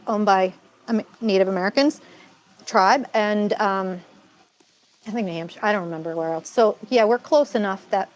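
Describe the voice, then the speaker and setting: A woman's voice: mid-range voice, poor audio. A woman from Massachusetts co-hosting a casual live-stream chat, rambling and laughing often.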